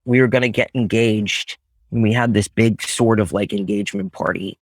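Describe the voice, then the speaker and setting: A man's voice: on the low side, steady tone, moderate pace, no echo. A young man telling his recovery story to a group, swearing bluntly and acting out old conversations as he speaks. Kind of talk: candid personal testimony in a group.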